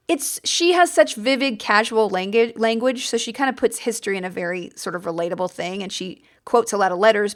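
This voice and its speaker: An American woman hosting a podcast, talking casually and enthusiastically, rambling a little with fillers and restarts as she goes. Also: mid-range voice. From United States. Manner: chatty and enthusiastic, rambling with fillers and self-corrections. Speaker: podcast host. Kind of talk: casual book-recommendation chat.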